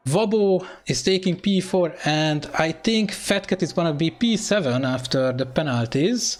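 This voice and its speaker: Excitable male sim-racing commentator, raised pitch. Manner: excitable, hesitant with fillers, non-native phrasing. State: out of breath. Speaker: race commentator.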